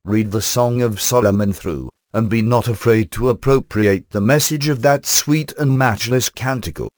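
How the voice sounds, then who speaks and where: A man preaching a sermon in formal, old-fashioned language with a measured delivery. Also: mid-range voice, darkish tone, no room sound, studio quality. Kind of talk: sermon reading.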